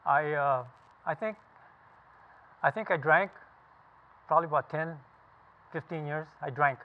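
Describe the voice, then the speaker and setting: Through tinny, phone-like audio comes a fairly high-pitched male voice at a measured pace. The speaker, a California veteran in his seventies, recounts his story to listeners casually, bluntly, emphatically and with plenty of profanity.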